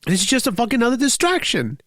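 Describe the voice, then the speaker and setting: A man's voice: very high voice, huge pitch swings, quick pace, a bit bright, no room sound, clean studio sound. A man hosting his own talk show, ranting angrily about politics with lots of swearing and restarts. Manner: profane, heated, rambling with restarts. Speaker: podcast host. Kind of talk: angry political rant.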